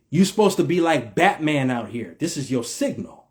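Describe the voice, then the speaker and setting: Emphatic preachy man with a higher voice. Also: big pitch swings, moderate pace. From United States. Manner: emphatic, repetitive, slangy, preacher-like cadence. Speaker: vlogger. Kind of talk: preachy spiritual monologue.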